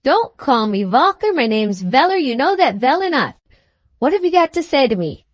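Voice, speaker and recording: A woman voicing a blunt young cockney manservant with a gruff, threatening manner. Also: sits high, sing-song, moderate pace, no echo. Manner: gruff, threatening, dropped aitches and 'werry'.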